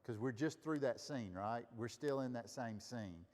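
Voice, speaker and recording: Leading a Bible study for a group, a man with a medium-pitched, darkish voice talks at a normal speed. His teaching is casual and conversational, he asks the group questions, and the sound has a big-room quality.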